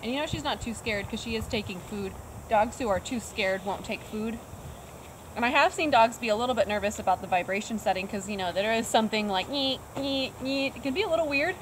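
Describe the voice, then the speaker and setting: A woman's voice: medium pitch, lively intonation, fast, slight background noise, rough recording. A woman dog trainer casually explaining her method outdoors, chatting as she works. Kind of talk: casual instructional talk. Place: outdoors, quiet snowy open area.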